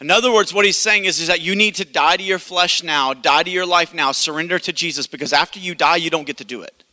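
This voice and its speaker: A pastor in his thirties preaches to his congregation, telling a story in an animated way and slipping into the voices of the people in it. His voice is very bright and a little high. The sound rings with the long reverb of a church hall. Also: quick pace. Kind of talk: sermon with personal story.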